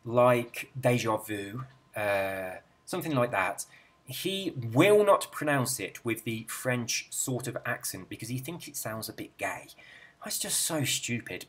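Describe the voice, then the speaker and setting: Chatty Englishman with a lively voice. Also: medium pitch. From England. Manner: rambling, chatty, self-deprecating. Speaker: gaming channel host. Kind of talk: casual chat reading viewer comments.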